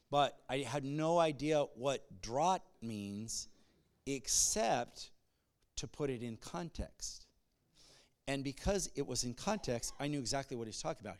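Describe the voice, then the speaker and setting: A male pastor giving a sermon, moving between conversational asides and loud call-and-response bursts. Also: mid-range voice.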